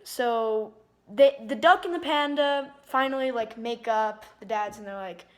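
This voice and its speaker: A woman with a slightly high voice retells a movie plot in a loose, rambling way. She leans on "like" constantly and often backs up to fix what she just said. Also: unhurried. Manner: rambling, heavy use of "like", frequent restarts. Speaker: movie reviewer.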